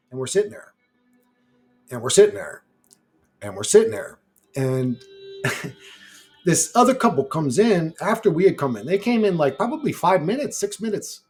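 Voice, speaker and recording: Brash youtuber dude rambling a story, cusses a lot, slightly high voice. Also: male voice, a little mellow. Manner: brash, heavy swearing, rambling. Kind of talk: casual storytelling.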